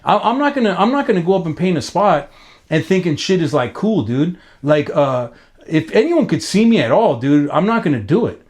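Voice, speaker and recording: Fifties guy from los angeles, raised voice, cussing and slang, rambles and restarts, spikes up when he gets hyped. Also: fairly quick. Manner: animated, pitch jumps up when excited. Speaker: graffiti writer being interviewed. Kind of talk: casual interview storytelling.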